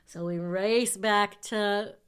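A woman who works as a nurse, telling a personal story in a lively, chatty way, dropping to hushed asides for effect. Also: medium pitch, slow, clear, resonant tone.

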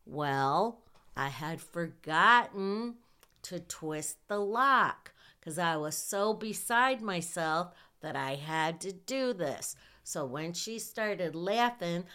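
A middle-aged woman telling a personal story in a casual way, animated, laughing as she goes and acting out her own lines. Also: fairly low pitch, smooth. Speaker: storyteller recounting nursing school.

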